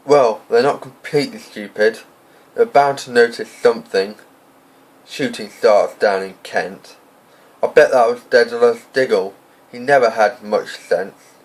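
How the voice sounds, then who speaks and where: The amateur audiobook clip, poorly recorded, has a man lightly acting the part of a severe, short-tempered older woman professor. His mid-range voice stays brisk and clipped, edged with exasperation.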